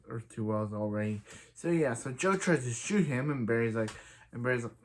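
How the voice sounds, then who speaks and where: A man's voice: medium pitch, moderate pace. Rambling man recapping a TV episode. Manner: rambling, retells scenes with constant "he's like" and filler "so, yeah"; quotes characters in his own plain voice. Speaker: TV show reviewer.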